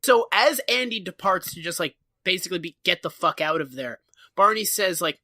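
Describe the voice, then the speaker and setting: A man co-hosting a podcast, recapping a sitcom episode in animated, profane casual chat. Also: high voice, a little fast, no echo, studio quality. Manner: animated, profane, acts out characters. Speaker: podcast co-host.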